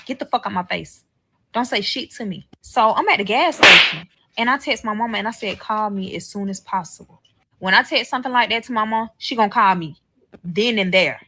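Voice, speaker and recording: Woman telling a wild story, swearing. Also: mid-range voice. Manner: animated, swearing, acts out the voices of others. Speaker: storyteller in a played clip. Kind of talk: profane storytelling to viewers.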